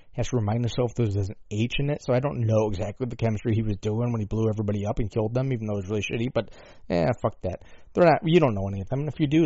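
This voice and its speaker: Man doing a rambling, foul-mouthed comic rant, loud bursts then mutters; dull, dry lo-fi recording. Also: no echo. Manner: rambling, profane, swings between loud outbursts and low mutters. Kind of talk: profane comedic rant. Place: at home with a dog.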